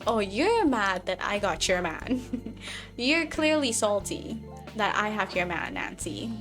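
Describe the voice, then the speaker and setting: A woman's voice: mid-range voice, very animated, slow pace, a bit bright, soft background music. A woman voicing a defensive young bride in a life-simulation game, snapping back indignantly. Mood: smug.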